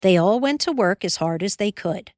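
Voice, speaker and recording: An audiobook narrator reads a children's classic aloud from a script, her delivery measured and expressive. Her medium-pitched voice is captured in clean studio sound with no room noise.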